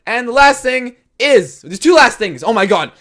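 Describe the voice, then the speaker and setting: A man telling a story over gameplay in casual commentary, excitable, swearing freely and acting out the quotes. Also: very high-pitched, moderate pace.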